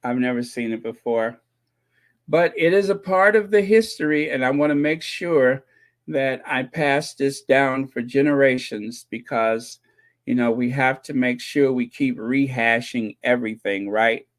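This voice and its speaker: A man's voice: medium pitch, measured pace. A man hosting a casual live stream, reading viewers' comments and talking to them in a joking, sarcastic way, laughing and repeating himself often. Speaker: host of a royal commentary channel.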